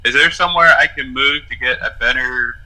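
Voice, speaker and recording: A man's voice: medium pitch, a little fast, bright, forceful tone, low-quality recording. A man playing a tabletop game, laid-back and thinking his moves through aloud. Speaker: player. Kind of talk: casual tabletop play.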